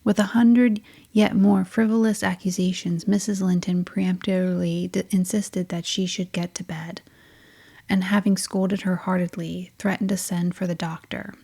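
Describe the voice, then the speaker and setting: A woman narrating a classic novel in a soft, hushed reading style. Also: fairly low pitch, little pitch movement, normal speed, creaky. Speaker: audiobook narrator. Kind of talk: scripted narration.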